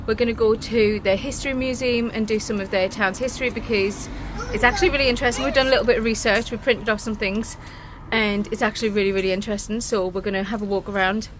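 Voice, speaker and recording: A woman's voice: mid-range voice, steady tone, quick pace, few pauses, noisy background. A British woman in her thirties, out of breath, chatting and laughing to a handheld camera while out in town with her kids. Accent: British English. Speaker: family vlogger and mum. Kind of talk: casual vlog chat to camera. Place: outdoors in a town, at a bus stop.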